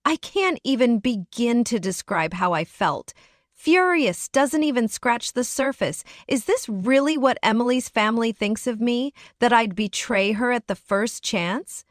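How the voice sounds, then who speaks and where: Woman storyteller, earnest and emotional, slightly high voice, dry close sound. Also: expressive, a little slow, dry recording. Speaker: narrator. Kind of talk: dramatic first-person story narration.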